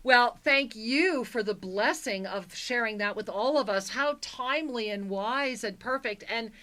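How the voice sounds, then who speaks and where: Bright, effusive woman radio co-host. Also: fairly high pitch, unhurried. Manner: effusive, affectionate, exclaiming. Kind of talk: call-in spiritual radio show.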